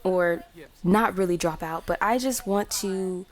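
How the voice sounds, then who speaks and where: A woman's voice: on the low side, a little slow, natural voice. A woman voicing an earnest young woman, a college student who pleads with her family in hesitant, filler-heavy speech.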